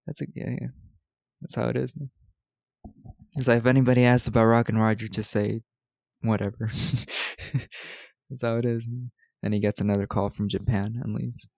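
Podcast co-host, male, gravelly low-key voice, dry close sound, laughs a lot while retelling movie scenes. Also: flat delivery, darkish tone, no echo. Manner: laughing often, retelling scenes with quick quoted lines. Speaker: podcast co-host recapping a film. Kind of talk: casual chat.

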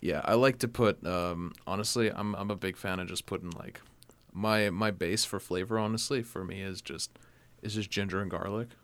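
Easygoing low-voiced podcast host, man. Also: steady tone, normal speed, fairly bright tone. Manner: loose and jokey, heavy on fillers like "like". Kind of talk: casual chat.

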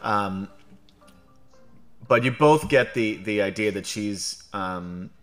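A man, narrating a tabletop game as game master in a relaxed storytelling way, with many ums and joking asides. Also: fairly low pitch, slow, faint music behind. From New York.

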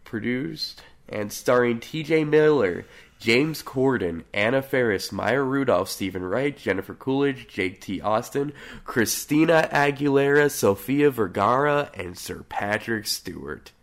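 A man's voice: mid-range voice, expressive, a little slow. A man talking as a podcast guest in casual chat, sardonic and swearing freely.

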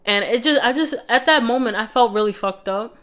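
A woman's voice: on the high side, a little fast, fairly bright tone. A young woman vlogger telling a personal story in a casual, conversational way, with lots of fillers and restarts.

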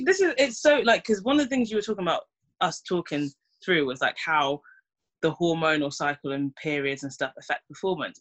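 A woman's voice: sits low, fairly bright tone. A young woman, chatting casually and acting out her own reactions. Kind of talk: casual chat.

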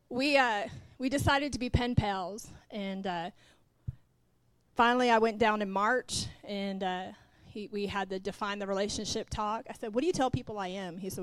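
A middle-aged woman preaches in a bright, fairly high voice and tells a personal story with animated delivery. She acts out both sides of each conversation and turns to ask the congregation questions. The sound is close and dry. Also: moderate pace, no room sound. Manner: animated, acts out quoted dialogue, talks straight to the congregation. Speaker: pastor's wife, preacher. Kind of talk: storytelling sermon.

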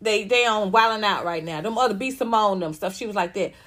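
A woman host, giving brash, profane celebrity gossip commentary in an animated storytelling way. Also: mid-range voice, brisk. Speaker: channel host.

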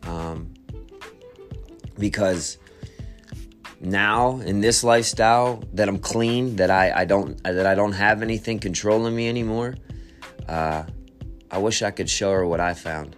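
A man telling a personal story as a testimony, speaking in a halting, reflective way and often repeating words and restarting his sentences. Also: fairly low pitch, soft background music.

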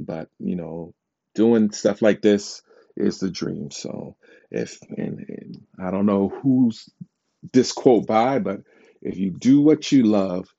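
A man hosts his own podcast and tells stories in a loose, animated, self-dramatizing way, often breaking into laughter. His voice sits low and carries a gravelly, mellow tone. The recording sounds dull and lo-fi. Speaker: podcast host. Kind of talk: casual storytelling monologue.

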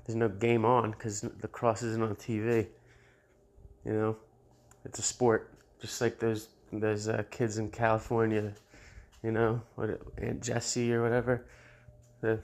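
A man hosting his own show in a casual unscripted monologue, blunt and profane, often laughing at his own jokes. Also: lowish voice. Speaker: show host.

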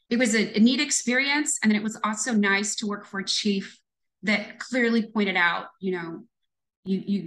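A woman's voice: mid-range voice, fairly bright tone, low-quality recording. A woman in her fifties, a retired police lieutenant, telling a story earnestly and reflectively in an interview.

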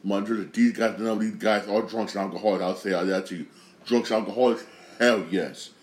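A man's voice: lowish voice, steady tone, normal speed, roomy sound. A man hosting his own podcast, rambling casually, repeating phrases and swearing freely as he talks. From Connecticut. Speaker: podcast host. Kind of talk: casual solo podcast monologue.

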